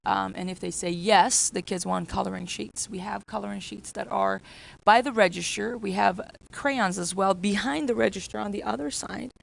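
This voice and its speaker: Gravelly-voiced woman giving staff training. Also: medium pitch, animated, moderate pace, low-quality recording. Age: adult with children. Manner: repetitive, acts out customer exchanges. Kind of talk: workplace training talk.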